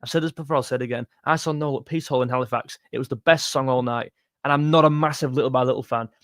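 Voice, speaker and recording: A young man runs a casual livestream for his music channel, reading the chat in a jokey manner and calling people mate. His medium-pitched voice is steady, a bit bright, and fast. The audio is studio quality with no room sound.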